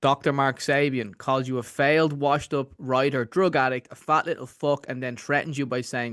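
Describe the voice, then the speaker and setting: A man's voice: mid-range voice, brisk, few pauses, fairly bright tone, no echo, studio quality. A man hosting an interview, asking teasing and provocative questions. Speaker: interviewer, host.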